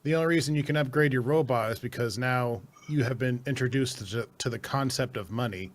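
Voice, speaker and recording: A man's voice: medium pitch, fairly quick, a little hiss or hum. Rambling young man on a podcast. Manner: rambling, lots of fillers and swearing, laughs often. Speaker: podcast co-host. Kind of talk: casual podcast chat.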